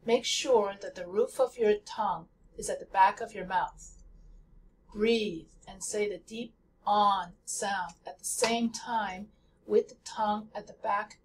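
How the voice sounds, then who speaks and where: A woman gives a pronunciation lesson at a slow, deliberate pace, carefully repeating example words to show each sound. Her voice sits a bit back from the microphone. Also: medium pitch, fairly even intonation, distant mic, a little hiss or hum. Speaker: language teacher.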